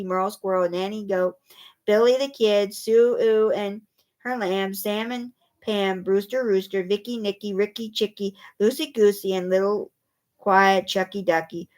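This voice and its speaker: A woman reading a rhyming children's picture book aloud, with animated, playful delivery and voices for the animals. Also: mid-range voice. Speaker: storyteller.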